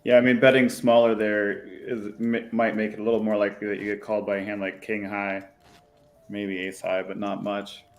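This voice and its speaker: A man's voice: on the low side, flat delivery, normal speed, faint music behind. A man commentating live poker, breaking down hand strategy in an analytical, easily amused way.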